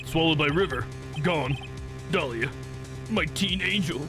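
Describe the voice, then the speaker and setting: A man voicing an anguished male convict who speaks in halting broken English, reading game dialogue on a stream. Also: a little high. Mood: mournful. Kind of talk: let's play character reading. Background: game music.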